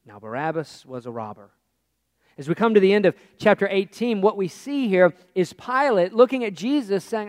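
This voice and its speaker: A man preaching a sermon and reading scripture aloud, emphatic and dramatic, sometimes dropping to a hush. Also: sits high, lively intonation, fairly quick, dry recording, clean studio sound, big-room sound. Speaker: pastor.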